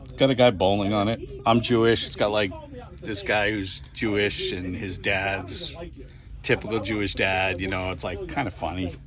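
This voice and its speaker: A man chatting casually in a comic book shop, rambling and animated, laughing often. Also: lowish voice, normal speed, crowd noise. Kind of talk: casual chat.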